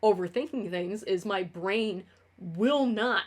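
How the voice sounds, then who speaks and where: A woman's voice: medium pitch, takes it slowly. A young woman streamer in casual livestream talk. She rambles from tangent to tangent, swears often, and trips over her words as a self-described clutterer.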